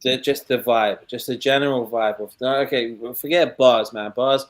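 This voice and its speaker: A man with a London accent talks in a casual, rambling way and keeps restarting his sentences. His voice sits at an ordinary middle pitch, and he speaks bluntly and plainly. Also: fairly even intonation, moderate pace. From London, England. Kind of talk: casual conversation.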